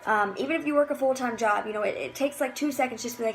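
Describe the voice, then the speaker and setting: A woman's voice: a little high, racing, few pauses, slight background noise. A woman leading a casual motivational talk for her sales team, chatty and full of fillers, often acting out cheery messages. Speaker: team leader in direct sales.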